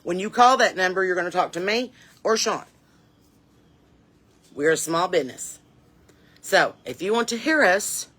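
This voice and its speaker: Gal on her porch, folksy rambling comic chat, bright twangy voice. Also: mid-range voice, lively intonation, normal speed, pauses often. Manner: chatty, folksy, rambling and sassy. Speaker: comedian and musician. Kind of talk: rambling comic monologue to camera. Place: outdoors on a home porch.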